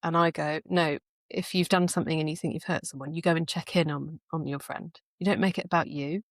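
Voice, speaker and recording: A woman's voice: low-pitched, steady tone, a little fast, dry recording, studio quality. A woman in casual podcast conversation, telling reflective stories with frequent laughs. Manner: reflective storytelling, laughs often. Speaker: podcast speaker.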